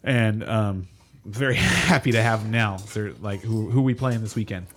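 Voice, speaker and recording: Animated man rambling about football. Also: lowish voice, normal speed, slight background noise. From California. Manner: animated, rambling, laughs often. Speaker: podcast co-host. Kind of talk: casual sports chat.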